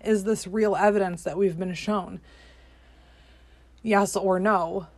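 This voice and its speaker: A woman's voice: medium pitch, steady tone, takes it slowly, no echo. A woman hosting a podcast, delivering a profane, skeptical political rant with exasperated outbursts. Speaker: podcast host. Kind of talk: ranting political monologue.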